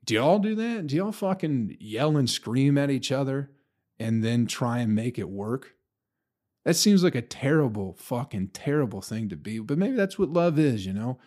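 A man's voice: mid-range voice, very animated, normal speed, a little mellow. A man, a stand-up comedian, talking in a loose, profane monologue and laughing at his own stories. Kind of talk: casual solo podcast monologue.

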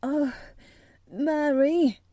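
A frail, excitable invalid boy, as a woman reading aloud puts him on, eager and clinging in a slightly raised, mellow voice. The sound is dry and close. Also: fairly high pitch, measured pace, no echo. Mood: breathless excitement. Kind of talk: storybook character reading.

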